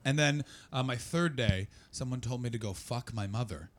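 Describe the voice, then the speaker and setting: A man doing stand-up comedy, telling a story to a live audience in an animated way, getting loud when acting out scenes. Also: mid-range voice, normal speed, slight background noise.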